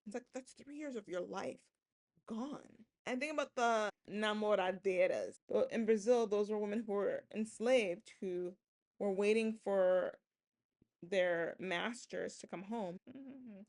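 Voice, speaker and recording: A woman hosting a sociology podcast in a casual lecture style, lively and often checking in with "right?". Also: medium pitch, moderate pace. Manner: animated, acts out quoted voices, keeps asking "right?".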